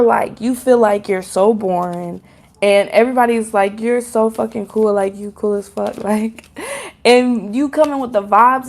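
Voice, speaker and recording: A woman's voice: a little high, vocal fry, a little hiss or hum. A woman giving a casual pick-a-card tarot reading, talking loosely and chattily to her viewers, with lots of fillers, laughs and swearing. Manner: talks straight to viewers as "y'all".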